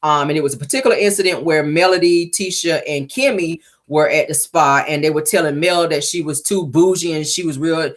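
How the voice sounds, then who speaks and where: A woman hosting a casual reality show recap, sassy and animated, acting out the cast's lines in different voices. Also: sits low, a little fast, few pauses.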